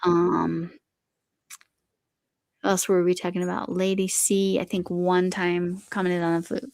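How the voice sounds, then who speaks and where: Chatty woman with a gravelly voice. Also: lowish voice, flat delivery, unhurried, darkish tone, no room sound. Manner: chatty, reads viewer comments aloud, talks to her cat. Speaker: livestream host. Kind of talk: casual live chat while crocheting.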